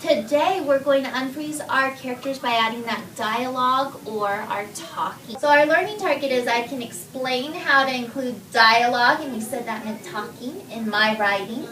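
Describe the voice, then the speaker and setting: Woman teacher in an echoey classroom. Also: fairly high pitch. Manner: clear, patient, models expressive reading. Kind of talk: classroom writing lesson. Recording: echoey classroom, camera far off. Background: children in the room.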